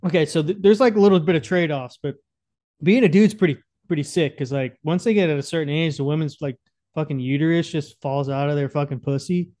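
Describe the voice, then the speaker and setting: A man's voice: on the high side, fairly quick, a little mellow. Crude young man, profane podcast banter. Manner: crude, profane, stumbling for words. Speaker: podcast co-host. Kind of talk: casual chat.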